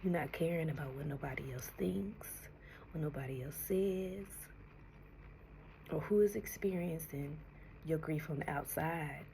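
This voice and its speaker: Lady doing a tarot message, low gravelly voice, slips into whispers, soft hiss behind. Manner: slow, soothing, often drops to a breathy whisper, calls listener honey. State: emotional, near tears. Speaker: tarot reader. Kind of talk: spiritual message to viewers.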